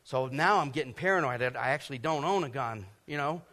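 A middle-aged man from Georgia preaching a sermon from a stage, telling animated personal stories and acting out scenes with sound effects. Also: mid-range voice, brisk. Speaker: pastor. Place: stage before a live congregation.

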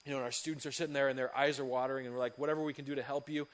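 A man's voice: mid-range voice, flat delivery, rapid-fire. A young man, a youth pastor, telling a story in an earnest, conversational sermon with many fillers and restarts. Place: church hall.

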